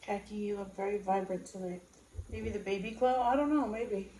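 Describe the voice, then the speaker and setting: A woman co-hosting a casual livestream chat in a relaxed, chatty way, greeting viewers by name. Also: medium pitch, moderate pace. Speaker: co-host. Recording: roomy room with faint noise.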